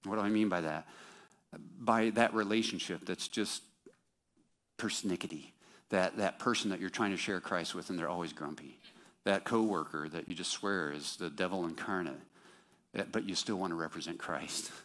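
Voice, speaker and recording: A man's voice: deep voice, moderate pace, a bit bright. A man preaching a sermon in a conversational, self-deprecating way, with sarcastic mock quotes.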